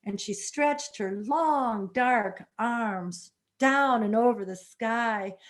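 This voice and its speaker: A woman storyteller telling a folk tale dramatically, adding spoken sound effects. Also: a little high.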